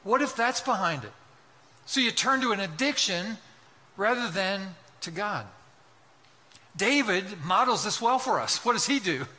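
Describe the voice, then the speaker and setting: A man's voice: sits high, lively intonation, measured pace, sharp tone. A man preaching a sermon with passion, asking one rhetorical question after another and acting out voices from the story. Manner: impassioned, rhetorical questions, acts out quotes. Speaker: pastor.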